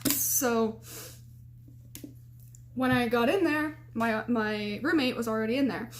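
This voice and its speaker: A woman's voice: a little high, slow, noisy background. Chatty young woman telling a story. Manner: chatty, animated, lots of fillers and restarts. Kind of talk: casual storytime vlog.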